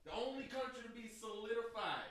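A man's voice: very high voice, expressive, fairly quick, fairly bright tone, a little hiss or hum. A man who is a podcast guest, insistently lecturing and talking over the others in casual banter.

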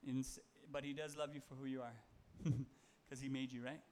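A man's voice: mid-range voice, level tone, normal speed, a little mellow, a little hiss or hum. A man giving a casual, conversational sermon, reading Bible verses and talking them through with fillers and self-corrections. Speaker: preacher.

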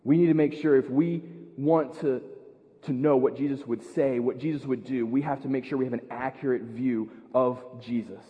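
An American man preaching a sermon as pastor, earnest, repeating words and building to loud emphasis. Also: mid-range voice, steady tone, normal speed, long reverb tail, phone-quality sound. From United States. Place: church.

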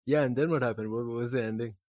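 A young man co-hosting a casual podcast, relaxed, laughing often and giving short replies. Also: medium pitch, rapid-fire, no room sound, highs cut off. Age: young adult. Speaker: podcast co-host. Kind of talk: casual chat.

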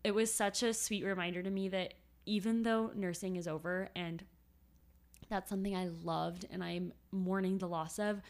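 A woman's voice: lowish voice, steady tone, moderate pace. A woman co-hosting a podcast, chatting casually in a heartfelt, emotional way and laughing often. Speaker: podcast co-host.

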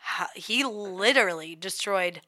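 A woman's voice: mid-range voice, a little slow, pushed and bright. A woman in her thirties co-hosting a casual chat, giggly and saying "like" a lot. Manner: giggly, chatty, says "like" often. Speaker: podcast co-host.

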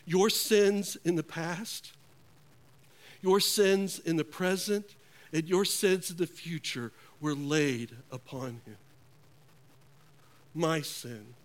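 Slow, earnest high-voiced preacher man. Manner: slow, earnest preaching with dramatic hushed drops. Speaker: pastor. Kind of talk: sermon.

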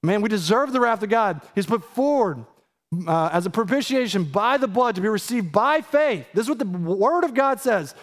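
A man's voice: expressive, normal speed. A pastor in his thirties preaching a sermon, emphatic and urgent, firing direct questions at his listeners. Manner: emphatic, rising to urgent high peaks and asking the audience direct questions.

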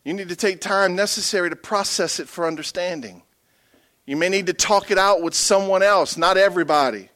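A middle-aged male pastor preaching a sermon, humorous and animated, swinging from hushed asides to emphatic bursts. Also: high-pitched, a little fast.

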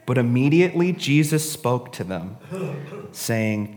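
A man's voice: medium pitch, animated, measured pace, long reverb tail, slight background noise. A man giving a casual, conversational sermon, often adding "right?" and "honestly". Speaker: preacher.

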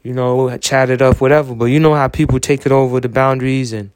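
Young male podcaster, smooth dry voice, rambling, profane, filler-heavy monologue. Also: mid-range voice, steady tone, quick pace, darkish tone, dry recording. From United States. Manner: rambling, repeats filler phrases, swears often. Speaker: podcast host.

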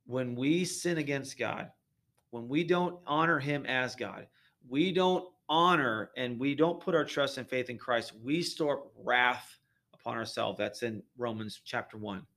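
A man's voice: mid-range voice, a little slow, fairly bright tone. Earnest man preaching in casual talk. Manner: earnest, preachy, repeats words while thinking. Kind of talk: casual religious discussion.

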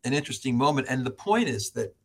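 A middle-aged American man, a professor, telling stories as a podcast guest, animated, laughing often and acting out other people's voices. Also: mid-range voice, quick pace, gravelly, slightly rough. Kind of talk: storytelling in an interview.

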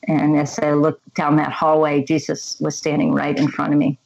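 A woman speaks in a low, steady voice that barely rises or falls. She tells her story earnestly and reflectively, like a guest recounting her own experience. The sound is a little dull, as if recorded on modest equipment. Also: moderate pace, gravelly, hardly any pauses. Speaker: interview guest. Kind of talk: personal faith testimony.

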